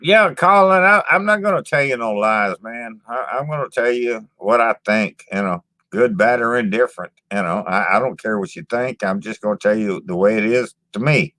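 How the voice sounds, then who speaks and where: A man's voice: fairly low pitch, normal speed, few pauses, sharp tone, dry recording, studio quality. A man hosting his own channel and chatting casually with viewers, blunt and profane, stumbling over repeated words and ending lines with "man.". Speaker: channel host reading live chat. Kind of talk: casual live-stream chat.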